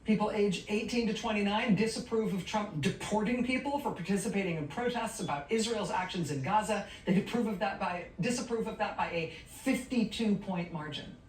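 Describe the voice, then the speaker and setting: A woman hosting a news show, reading out poll results in a rapid question-and-answer rhythm, with wry, sardonic asides. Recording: roomy, distant sound with faint rumble.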